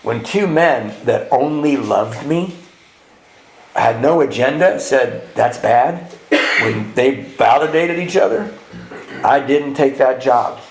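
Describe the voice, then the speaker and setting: A man's voice: medium pitch, expressive, slow pace, creaky. A man from California giving a personal recovery talk at a retreat, telling stories and acting out the dialogue, laughing at himself as he goes. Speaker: retreat speaker sharing his recovery story. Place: retreat meeting room. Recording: roomy echo.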